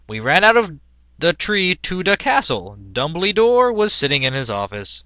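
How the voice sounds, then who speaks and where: A man's voice: fairly high pitch, very animated, moderate pace, pushed and bright, dry recording. A man reading a badly written story aloud in a mock-dramatic, sarcastic way, with laughing asides. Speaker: comedic reader.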